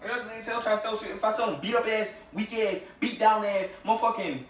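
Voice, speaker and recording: Heated high-voiced young man trading insults. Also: fairly even intonation, fast talker. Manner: heated, profane, keeps hurling insults. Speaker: prank channel host. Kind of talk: heated casual banter. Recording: roomy, far from mic, faint noise.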